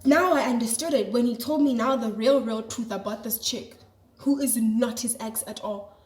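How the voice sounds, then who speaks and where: High-voiced South African woman, chatty. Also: normal speed. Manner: animated, slangy, chatty. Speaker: vlogger. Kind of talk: casual storytelling to camera. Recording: echoey room.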